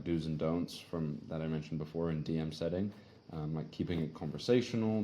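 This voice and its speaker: A man's voice: very deep voice, warm tone, a little hiss or hum. A young man teaching appointment setting in a casual, conversational way, often checking in with "right?". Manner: conversational, frequent tag questions. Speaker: sales trainer. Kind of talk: casual instructional talk.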